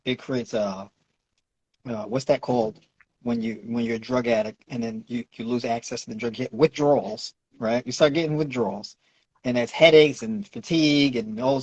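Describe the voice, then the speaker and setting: A husky-voiced man with a New York accent, explaining nutrition like a coach and tagging "right?" onto his points. The sound is dry and dull, like lo-fi online audio. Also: mid-range voice, no echo. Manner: lecturing, repeats "right?" to check in. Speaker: nutritionist and fitness coach, guest. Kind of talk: explaining in a podcast Q&A.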